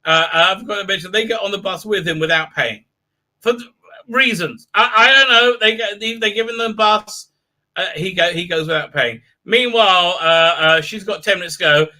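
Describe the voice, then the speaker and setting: A man's voice: high-pitched, moderate pace, sharp tone. A man hosting a live stream, recapping an episode in a rambling, sarcastic way with many fillers. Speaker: show host.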